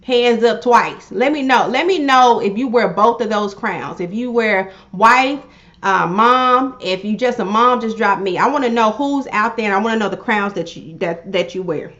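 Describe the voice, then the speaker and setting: A woman coaching viewers on a livestream, speaking in an animated, repetitive way as she calls on them directly. Her voice sits fairly high. The livestream audio sounds slightly dull and lo-fi. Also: normal speed. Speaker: livestream host and life coach. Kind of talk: casual livestream talk to viewers. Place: home room she calls her pink cave. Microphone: livestream setup.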